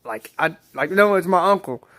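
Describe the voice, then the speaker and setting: A man's voice: sits high, lively intonation, moderate pace, a bit bright. A man casually telling a personal story, rambling, repeating himself and swearing freely.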